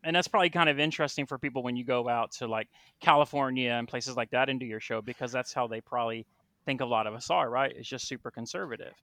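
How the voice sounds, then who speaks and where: A Southern man hosts a relaxed podcast chat, easygoing and quick to agree. His voice is bright and forward, and the recording is dry and close. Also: mid-range voice, no room sound. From American South.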